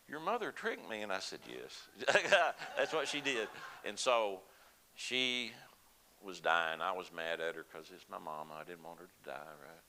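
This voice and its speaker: A man's voice: sits low, sharp tone, slight background noise, rough recording. An older man telling a personal story to a congregation in a folksy, conversational way. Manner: folksy, conversational, with laughs and asides. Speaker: lay speaker at a church service.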